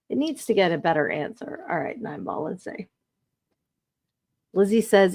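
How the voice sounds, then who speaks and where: A woman's voice: lowish voice, lively intonation, a little slow, gravelly, pauses often, a little mellow, husky. A woman hosting a live podcast stream, chatting casually, reading viewer comments aloud and laughing often. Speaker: podcast host.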